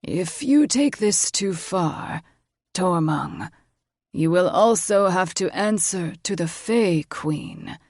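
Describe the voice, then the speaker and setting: A wise, contemplative old dragon grandfather, played by a woman speaks slowly and with measured calm. The voice is dry and close. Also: fairly low pitch, no room sound, full character voice. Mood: warning.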